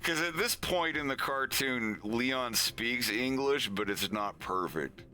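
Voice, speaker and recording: A man's voice: mid-range voice, animated, slow pace, pushed and bright. A man chatting casually on a live stream, rambling with lots of fillers as he talks through his animation.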